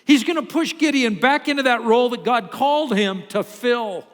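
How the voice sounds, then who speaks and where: A male pastor preaching a sermon, telling a story with lively, acted-out quotes. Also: very high-pitched, normal speed. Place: church sanctuary. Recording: long hall reverb.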